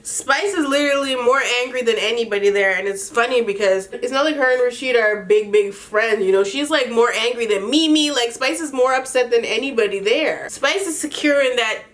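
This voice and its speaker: A young adult woman hosting a casual comedic recap, sassy and animated, laughing often between lines. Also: on the high side. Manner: laughs often, sassy and animated, does quick mock voices. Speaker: podcast host recapping a reality show.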